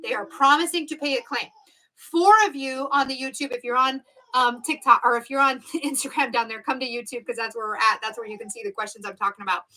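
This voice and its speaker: A woman's voice: on the high side, fairly even intonation, quick pace, pushed and bright, poor audio. A woman exam prep instructor teaching a live-streamed review lesson, stressing key words and repeating them to drill the point. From United States.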